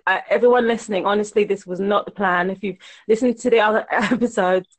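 A woman's voice: medium pitch, fairly even intonation, quick pace, no room sound. A woman hosting a podcast over a remote call, an effusive, gushing chatterbox. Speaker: podcast host. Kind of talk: casual interview conversation.

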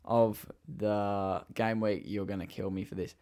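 A man's voice: on the low side, a little slow. Laid-back Australian guy hosting footy tips. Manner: relaxed, leads the segments, laughs easily. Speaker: podcast host. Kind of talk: casual football tipping chat.

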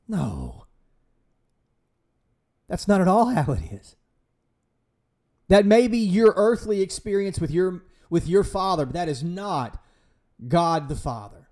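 A man's voice: high voice, sing-song, slow pace, pauses often, darkish tone. A man preaching with passion as a podcast host, emphatic and pleading, full of rhetorical questions. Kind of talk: impassioned preaching.

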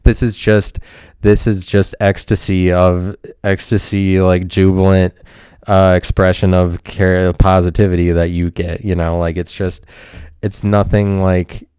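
A man delivering a rambling, scattered monologue, cursing often and breaking into sudden loud outbursts. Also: sits low, level tone, a little slow, smooth, no room sound, clean studio sound.

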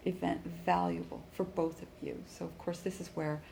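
A woman teaching a conversation class, explaining in lively bursts and acting out listener reactions, in an echoey room. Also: on the low side, normal speed, creaky. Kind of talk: classroom coaching. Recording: echoey room with faint background noise.

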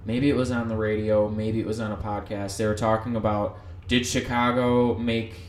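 A man's voice: on the low side, moderate pace, slight background noise. Podcast co-host, adult man, swears freely, loose rambling delivery, echoey room. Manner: profane, rambling, animated. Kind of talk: casual sports chat.

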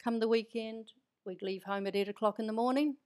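A woman's voice: a little high, fairly even intonation, a little fast, a little mellow. A woman from New Zealand with an Irish-tinged Kiwi accent, telling stories as an interview guest in a chatty, anecdotal way. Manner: chatty, anecdotal, easy laughter. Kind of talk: conversational storytelling.

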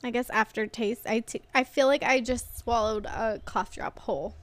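A woman's voice: a little high, normal speed, a little hiss or hum. A young woman with a cold, co-hosting a podcast and telling a story in a laughing, casual way. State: sick with a cold. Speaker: podcast co-host. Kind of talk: casual chat.

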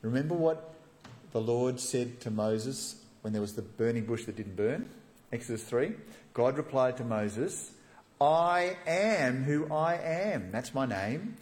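A man preaching a sermon, animated and acting out the voices of the people in the passage he reads. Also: mid-range voice, a little slow. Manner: animated, acts out quoted voices.

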